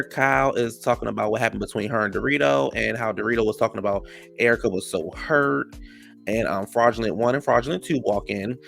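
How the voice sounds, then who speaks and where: Sassy gravelly-voiced man recapping gossip. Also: mid-range voice, fairly bright tone. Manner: sassy, gossipy, uses "child" and "honey". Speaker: reality TV recap host. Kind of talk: casual episode recap commentary.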